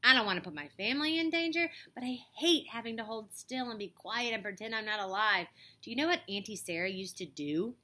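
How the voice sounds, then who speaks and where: A woman puts on a bold, curious little doll girl for a storybook. She talks eagerly and confidingly. The voice is bright and swings widely in pitch. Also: expressive, a little fast. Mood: wistful.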